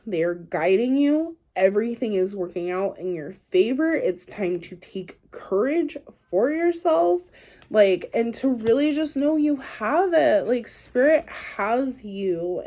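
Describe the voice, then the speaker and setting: Mellow-voiced woman doing a chatty tarot reading. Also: a little high. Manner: chatty, encouraging, talks straight to the viewer; loose and playful, says "like" and "y'all". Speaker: tarot card reader. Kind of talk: casual spiritual card reading to camera.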